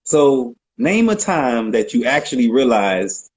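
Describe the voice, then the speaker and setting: A man hosting a casual interview, who speaks slowly and repeats himself as he asks questions. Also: medium pitch, big pitch swings, darkish tone, a little hiss or hum, poor audio. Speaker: podcast host.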